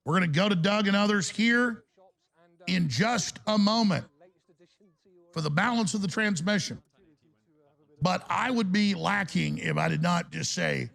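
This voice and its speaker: Male talk radio host ranting hard, gravelly rasp, fairly high voice. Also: a little slow, pauses often, fairly bright tone. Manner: heated, ranting delivery.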